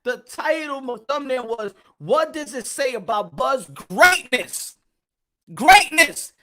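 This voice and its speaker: Animated boxing stream host, bright voice. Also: male voice, very high voice, a little slow. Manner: animated, repetitive, shouting out chat names. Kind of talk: live-stream commentary chatting with viewers.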